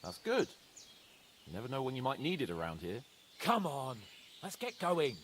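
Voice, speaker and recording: An actor playing a brash, lively young nobleman in a game, animated and shifting between solemn and scoffing. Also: mid-range voice, normal speed, slight background noise. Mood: reassuring. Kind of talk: game voice acting.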